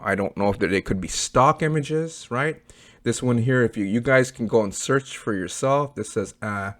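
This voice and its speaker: A man's voice: medium pitch, a bit bright, dry recording, studio quality. A Canadian man giving a casual, blunt screen-share review as an online business reviewer, chatty and often tagging "okay" and "right?".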